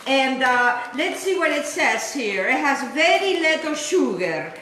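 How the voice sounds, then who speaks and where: A woman's voice: high-pitched, big pitch swings, unhurried, sharp tone, echoey room, slight background noise. A woman from Argentina hosting a cooking show, chatting in a bubbly, sing-song way and sprinkling in Italian words. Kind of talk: chatty live cooking demonstration. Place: home kitchen.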